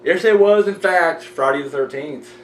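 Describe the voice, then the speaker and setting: A man's voice: on the high side, moderate pace. Rambling man in an echoey room. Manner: rambling, animated, swears casually, many fillers. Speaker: host of a horror movie review show. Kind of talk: casual review chat. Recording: echoey room, mic at a distance, faint hum.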